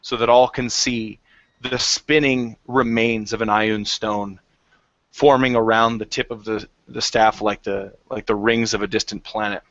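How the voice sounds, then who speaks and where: A man's voice: fairly low pitch, steady tone, unhurried, fairly bright tone, dry recording, dull audio. A man playing a tabletop game, evenly describing his character's actions. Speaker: player.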